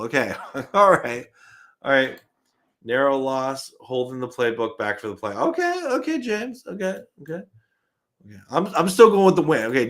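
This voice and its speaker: Animated male stream host reading chat. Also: medium pitch. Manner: animated, chuckles often, frequent restarts. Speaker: host of a live fan stream. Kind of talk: casual live-stream chat, reading viewer comments.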